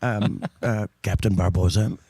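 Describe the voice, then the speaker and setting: A man's voice: fairly low pitch, steady tone, measured pace, warm tone, breathy edge, no room sound. Rambling, laughing man in a dry room. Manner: rambling, self-correcting storyteller with frequent laughs. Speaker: guest singer. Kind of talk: casual chat.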